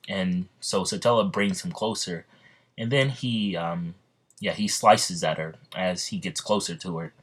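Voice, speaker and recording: A man's voice: deep voice, a little slow, a bit bright, breathy edge. A man casually retelling a fan story, rambling and often correcting himself as he goes.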